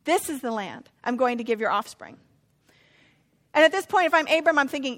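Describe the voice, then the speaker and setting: A woman's voice: high-pitched, expressive, quick pace, fairly bright tone. A middle-aged woman pastor giving a conversational sermon, now and then acting out what biblical figures might say. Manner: conversational preaching, acts out voices of biblical figures.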